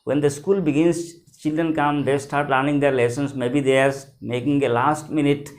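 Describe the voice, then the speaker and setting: A man, teaching a lesson and explaining words slowly and repetitively, spelling some out letter by letter. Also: mid-range voice, fairly even intonation. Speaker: English teacher.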